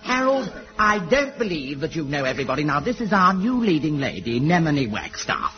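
An actor playing a fussy, effusive, gossipy amateur theatre director in a sitcom. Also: male voice, a little high, sing-song, brisk, highs cut off, over music. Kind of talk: sitcom acting.

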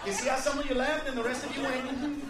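Brash high-voiced stand-up comic in echoey club. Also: male voice, fairly even intonation, very fast, background noise. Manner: brash, profane, yelling punchlines at the crowd. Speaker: stand-up comedian. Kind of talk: stand-up comedy set. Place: comedy club stage with live audience. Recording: echoey club audio from far off, crowd laughter.

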